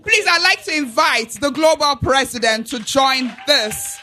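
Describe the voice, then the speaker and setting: A Nigerian woman MC with a high, bright, ringing voice, working a live crowd on a handheld mic. She talks in an unhurried way, teasing the audience and calling for cheers. Faint music plays behind her. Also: animated. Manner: playful, teasing, hypes the crowd. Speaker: event MC. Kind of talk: lively event hosting with crowd calls.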